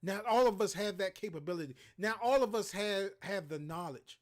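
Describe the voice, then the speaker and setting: A man's voice: sits high, moderate pace. A man hosting a livestream, ranting in a heated, profane, preachy way. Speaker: show host. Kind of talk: impassioned livestream rant.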